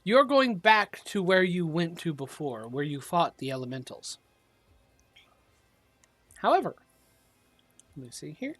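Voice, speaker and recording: A man's voice: fairly high pitch, big pitch swings, unhurried, pauses often, fairly bright tone, no echo, faint music behind. A man narrating as game master in an online tabletop game, often trailing off with fillers. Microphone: online voice call.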